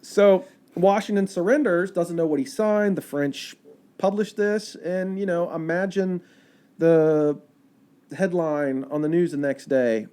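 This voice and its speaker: A man, a park ranger guest, telling history in a chatty, animated storytelling way. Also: sits high, a little slow, smooth. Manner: animated, chatty storyteller with fillers and quoted asides.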